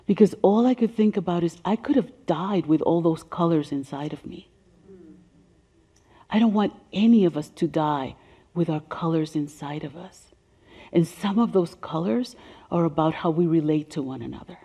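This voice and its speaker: Deep-voiced older woman, soft-spoken. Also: normal speed, husky. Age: about 70. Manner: soft-spoken, sinking to a whisper on emotional points. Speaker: speaker on racial healing. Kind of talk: seminar presentation.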